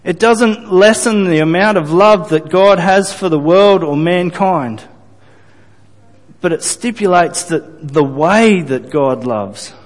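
A male pastor delivers a sermon at an unhurried pace, voice a touch higher than most men's. He is earnest and deliberate, circling back over his phrases to press each point home. His voice rings out with the long reverb of a church hall. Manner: earnest, deliberate preaching with repeated phrases and restarts. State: briefly choked up.

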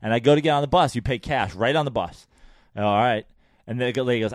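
A man's voice: medium pitch, a little fast, no room sound, clean studio sound. Laid-back profane man chatting. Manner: laid-back, profane, short agreeing replies. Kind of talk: casual chat.

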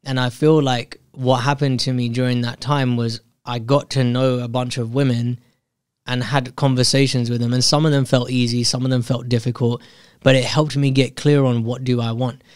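A man's voice: mid-range voice, little pitch movement, normal speed, clear, resonant tone, no echo, studio quality. A man in a casual, candid monologue telling a personal story, reflecting on himself and often restarting his sentences.

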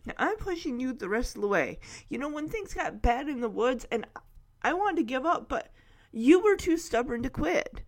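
A woman's voice: high voice, very animated, moderate pace, heavily acted. A woman voicing a stubborn, loyal young male dog, urging a friend on in a pleading, urgent way. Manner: urgent, pleading, pep-talk.

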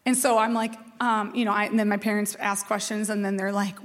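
A woman in her forties from Minnesota, a pastor telling a personal story in a lively, chatty, self-mocking sermon. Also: mid-range voice, a little fast. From Minnesota, USA. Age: 40s. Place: church sanctuary. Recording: long reverb of a church hall.

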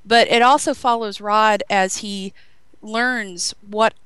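Bubbly woman radio host, crisp voice. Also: medium pitch, steady tone, slow, fairly bright tone, dry recording, rough recording. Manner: chatty, bubbly, heavy with ums and restarts. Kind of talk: casual podcast chat.

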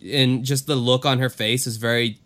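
Bright, smooth-voiced man rambling casually. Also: medium pitch, steady tone, moderate pace. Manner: rambling, filler-heavy, often says "like". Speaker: podcast co-host. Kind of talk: casual chat recapping a TV episode.

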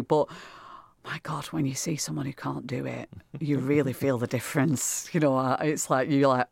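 Chatty actress in an interview, lots of restarts, dry close mic. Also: female voice, low-pitched, vocal fry, dry recording. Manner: animated, chatty, quick restarts and repeats. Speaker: actor, interview guest. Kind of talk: casual interview chat.

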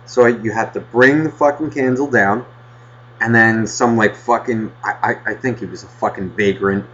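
A man's voice: on the low side, moderate pace, a little hiss or hum. Swearing man telling a rambling story. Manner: rambling, heavy swearing, animated retelling. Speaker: podcast host. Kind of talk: casual storytelling chat. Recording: dull lo-fi podcast audio.

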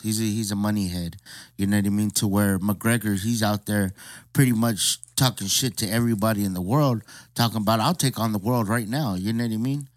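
A man's voice: fairly low pitch, brisk, no echo, studio quality. A man in a laid-back casual chat who keeps saying "you know what I mean" and "dude".

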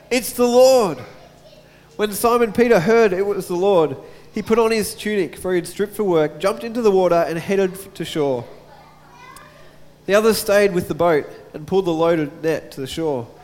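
A man's voice: high-pitched, darkish tone. A man preaching a sermon and reading scripture, chatting casually with his congregation between verses. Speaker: pastor. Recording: long hall reverb.

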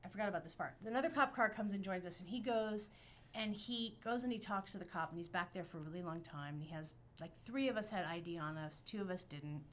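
A woman on a podcast telling a story in casual chat, animated and profane, acting out the quotes. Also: on the low side, fast talker, slight background noise. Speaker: podcast guest.

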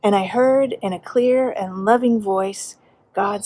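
A middle-aged woman pastor preaching a sermon, earnest and measured, slowing down for emphasis. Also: mid-range voice, darkish tone.

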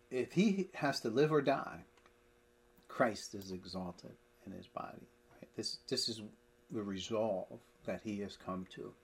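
A man leads a Bible study with a husky, slightly breathy voice. He speaks emphatically, reading verses and explaining them with everyday examples. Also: mid-range voice, a little mellow. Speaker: Bible teacher.

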